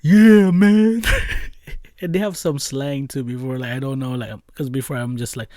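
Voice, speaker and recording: A man's voice: medium pitch, a little fast, darkish tone, no room sound, studio quality. A young man who is not a native English speaker, telling a story as a podcast host, rambling with lots of fillers and laughs. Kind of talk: casual storytelling chat.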